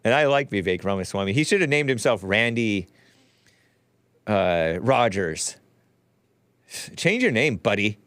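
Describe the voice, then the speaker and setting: A man's voice: mid-range voice, no echo. A man hosting a live talk show, reading viewer messages aloud with wry, chuckling, offhand asides.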